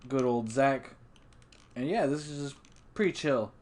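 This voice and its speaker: A man's voice: medium pitch, measured pace, darkish tone. A man giving casual, rambling commentary while playing a farming game, swearing often and laughing at himself. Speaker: let's play gamer.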